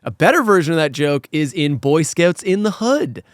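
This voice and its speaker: A man on a casual podcast who rants with animation and swears freely. His voice sits somewhat high for a man, and the recording is close and dry. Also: moderate pace, no room sound. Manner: animated, ranting, profane. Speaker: podcast host. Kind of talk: casual chat.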